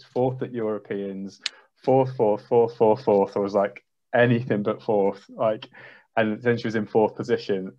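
A man's voice: on the low side, darkish tone. A man, a trampoline coach, telling an emotional story on a video call and acting out his own reactions. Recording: dull lo-fi video call audio.

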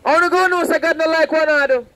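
A man's voice: extremely high pitch, steady tone, quick pace, fairly bright tone, poor audio. A man preaching outdoors on a roadside, fervent and repetitive, warning and pleading with passersby. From Saint Vincent. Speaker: street preacher. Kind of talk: open-air preaching.

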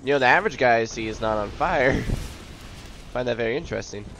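Young guy doing gaming commentary, super animated voice, keeps yelling oh crap and laughing at himself. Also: mid-range voice, brisk, slight background noise. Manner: excitable, exclaims and jokes at his own failures. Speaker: video game let's player.

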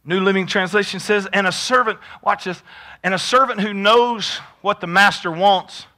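A man preaching a sermon as pastor, moving from quiet storytelling to shouted exhortation. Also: sits high, fairly even intonation, normal speed.

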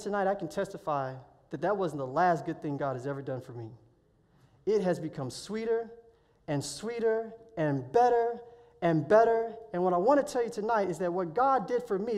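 A man preaching a week-of-prayer sermon, telling a personal testimony in an animated storytelling way that swells loud when excited. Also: high voice, moderate pace. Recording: long hall reverb.

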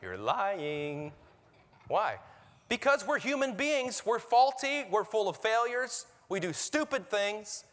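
A man preaching a sermon as pastor, lively and conversational, acting out quoted voices. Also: very high voice, unhurried. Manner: animated preaching, acts out quoted voices, laughs at own jokes. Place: church sanctuary. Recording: reverberant church hall.

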